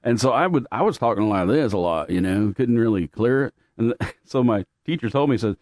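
A man from Louisiana and Oklahoma telling stories in a relaxed, rambling way, laughing often between thoughts. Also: medium pitch, brisk, no echo, studio quality. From born in Louisiana, raised mostly in Oklahoma. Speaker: guest with radio and theater background. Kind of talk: casual chat.

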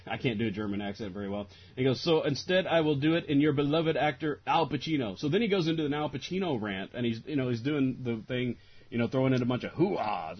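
A man's voice: mid-range voice, breathy edge. A man on a podcast, chatting casually about a film, rambling with lots of restarts and laughter. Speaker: podcast co-host reviewing a film. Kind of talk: casual chat. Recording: dull lo-fi audio.

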